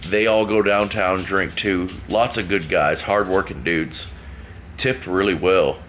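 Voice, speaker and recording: A man's voice: sits low, steady tone, unhurried, fairly bright tone, slight background noise. A man casually telling a rambling, joking story to camera. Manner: rambling, joking, laughs at himself. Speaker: vlogger.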